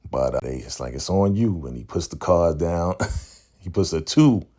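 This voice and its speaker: A man's voice: a bass voice, lively intonation, normal speed, a little mellow. A man hosting a casual TV episode recap, laid-back and conversational, often checking in with "right?" and acting out the characters' lines. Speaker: TV recap channel host.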